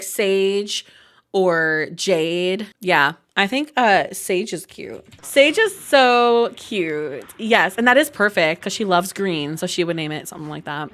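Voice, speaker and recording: A young woman casually commenting while she plays a life-sim game, chatty and giggly, breaking into high squeals over cute moments. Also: a bit bright. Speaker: gaming video creator. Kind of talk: casual let's-play commentary.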